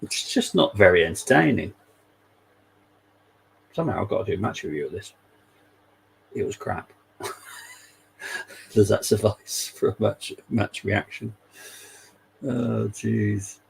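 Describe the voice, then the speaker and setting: A man's voice: on the low side, huge pitch swings, slow, gravelly, long pauses, a little hiss or hum, rough recording. A man hosting a live football watchalong, chatting casually and wryly and laughing often. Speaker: fan channel host.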